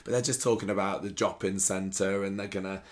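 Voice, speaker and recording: A man's voice: sits low, steady tone, fairly quick. A man co-hosting a casual chat show, wry and chatty. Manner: chatty, wry, full of restarts. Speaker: podcast co-host. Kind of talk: casual chat about a soap opera.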